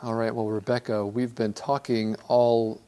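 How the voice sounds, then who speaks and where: Guy hosting an english lesson quiz, playful, reads options out nice and clear. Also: mid-range voice, little pitch movement, measured pace, dark tone. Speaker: co-host of an English lesson show.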